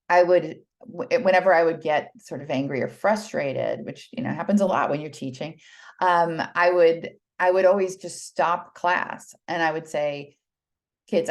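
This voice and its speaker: A middle-aged American woman speaks with a low voice in a chatty, earnest way. She presents to an audience as a teacher and often pauses with fillers and restarts her sentences. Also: creaky. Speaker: presenter, children's mindfulness teacher. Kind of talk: casual public talk.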